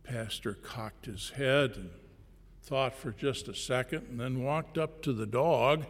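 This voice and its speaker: A man preaching a sermon, telling a parable slowly and deliberately, with pauses between phrases. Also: mid-range voice. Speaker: pastor. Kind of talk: sermon storytelling. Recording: long reverb in a large hall.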